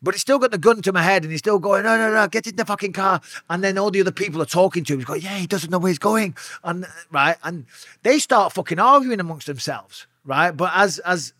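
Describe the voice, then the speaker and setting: Man, retired fighter, bright punchy delivery, dry close mic. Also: high-pitched, brisk, no echo. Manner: profane, animated storyteller. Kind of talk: casual storytelling interview.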